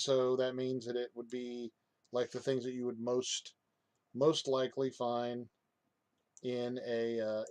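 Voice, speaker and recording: A man giving a casual software walkthrough, hesitant, with many fillers and restarts. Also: medium pitch, no echo. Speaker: software reviewer. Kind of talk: casual screen-recorded tutorial.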